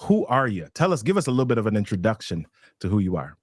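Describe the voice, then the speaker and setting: A man's voice: lowish voice, big pitch swings, quick pace, breathy edge, no room sound, studio quality. A man hosting a live online workshop, upbeat and hyped, reading out where viewers are tuning in from. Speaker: webinar host. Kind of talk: energetic live-stream hosting.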